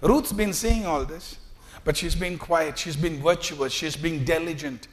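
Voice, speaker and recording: A man's voice: a little high, unhurried. Man preaching with dramatic swings. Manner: dramatic preaching, acting out quotes with big swings in volume. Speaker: pastor. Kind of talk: sermon.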